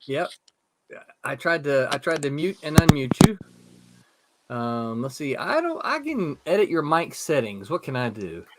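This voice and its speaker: A man's voice: fairly high pitch, very animated, a little slow, a little hiss or hum. A middle-aged man hosting a casual live stream, laughing often and reading viewer comments aloud over his desktop call mic. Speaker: host of a live comics stream. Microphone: desktop mic on a video call.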